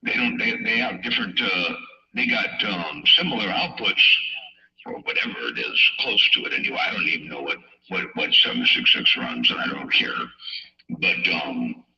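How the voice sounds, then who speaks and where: A man's voice: low voice, animated, normal speed, bright, forceful tone, muffled recording, slight background noise. A man from California, a CB radio operator chatting casually on air with a rambling, drawling manner full of radio slang. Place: home radio station. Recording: staticky distant CB radio sound.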